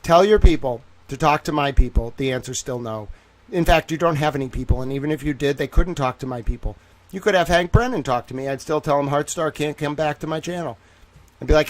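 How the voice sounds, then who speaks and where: Hosting a casual livestream, a man with a fairly high voice talks briskly in a put-on Southern drawl. He is playful, teasing and boastful.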